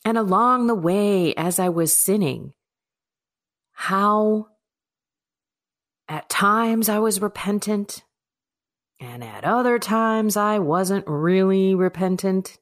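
A woman's voice: mid-range voice, lively intonation, slow pace, long pauses. A woman hosting her devotional podcast in a chatty, emphatic way, recorded on a microphone in an echoing kitchen. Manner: chatty, emphatic, self-deprecating. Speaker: podcast host. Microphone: microphone with laptop. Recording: echoey kitchen with faint music.

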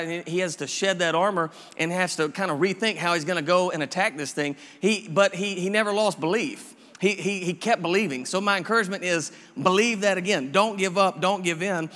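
Pastor preaching in a reverberant hall. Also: male voice, sits high, brisk, few pauses, a bit bright. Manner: casual, repetitive, encouraging preaching with many restarts. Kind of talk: sermon.

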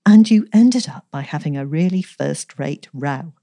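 A woman voicing a calm, teasing, kind-hearted young woman who speaks drily and cheerfully. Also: low voice, measured pace, dry recording, studio quality.

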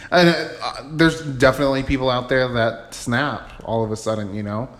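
A man co-hosting a casual movie podcast, giving relaxed, thoughtful opinions. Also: mid-range voice, normal speed. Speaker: podcast co-host. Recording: echoey room.

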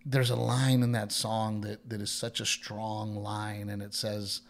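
Speaking a little slowly in a lowish voice, a male comedian spins a story during a casual chat. He acts out what other people said in their own voices and drops the occasional swear word.

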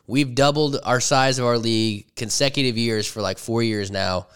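A man's voice: medium pitch, moderate pace, a bit bright, clear, resonant tone. A man in his thirties co-hosting a casual podcast, joking around with a friend, swearing freely and laughing often. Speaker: podcast co-host. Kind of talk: casual banter.

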